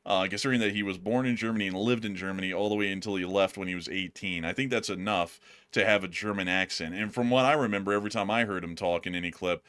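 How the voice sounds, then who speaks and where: Here the news-commentary streamer's voice lands on the low side, clear and resonant with a fairly bright tone. He rambles as he thanks viewers, leaning on fillers and repeated words.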